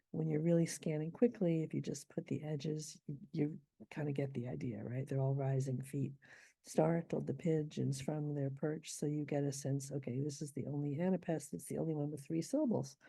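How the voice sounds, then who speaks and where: Low, mellow-voiced woman teaching poetry. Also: gravelly, husky, dry recording. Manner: thinking aloud, slow deliberate reading of verse lines. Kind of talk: informal scansion lesson.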